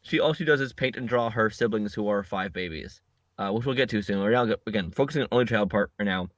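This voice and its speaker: On a podcast recording setup, a male co-host recaps a movie in casual chat, rambling, joking and often correcting himself. He talks fast in a lowish voice, with no room sound.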